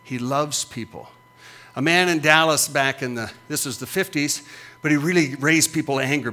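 A man's voice: a little high, bright, forceful tone. A middle-aged man preaching as a pastor, with emphatic, punchy repetitions that rise and fall. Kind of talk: sermon.

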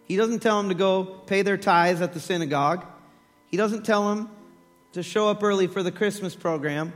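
A man preaches with a high, lively voice, acting out the story as he tells it. His words ring with long reverb through a church hall, with faint music underneath. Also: moderate pace. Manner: animated storytelling, acts out voices, laughs. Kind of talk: sermon.

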